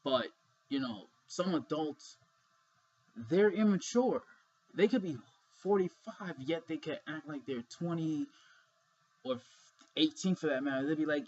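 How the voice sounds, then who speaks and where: A man with a husky voice talks straight to the camera in a loose, rambling monologue, swearing casually as he goes. The audio is dull and lo-fi, like a cheap webcam mic. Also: fairly high pitch, unhurried, pauses often, darkish tone.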